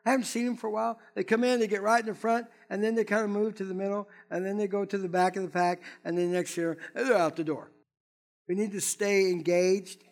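High-voiced man preaching animatedly. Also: a little fast. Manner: animated, conversational preaching with asides. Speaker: pastor. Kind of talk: sermon.

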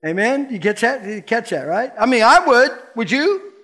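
A man preaching a sermon in a lively, playful way, asking the congregation questions and acting out the voices in the story. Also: extremely high pitch, moderate pace. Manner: animated, playful preaching that asks the congregation questions and acts out quotes. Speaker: pastor.

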